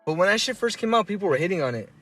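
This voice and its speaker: A man co-hosting a casual podcast, laid back and offhand, dropping into a low deadpan voice for quotes. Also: rapid-fire, far from the mic, faint music behind. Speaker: podcast co-host. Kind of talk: casual chat.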